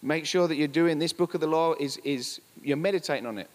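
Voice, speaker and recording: A man preaches at a fast clip with a slightly raised pitch, hammering his points home by repeating them. His voice rings with the long reverb of a church hall. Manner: emphatic, repetitive preaching with asides. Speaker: pastor. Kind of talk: sermon.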